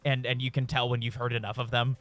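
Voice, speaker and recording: A man's voice: mid-range voice, level tone, fast, fairly bright tone, dry recording, soft background music. A man streaming a game, rambling through a story in casual, profane chat with frequent chuckles. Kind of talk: casual storytelling while gaming.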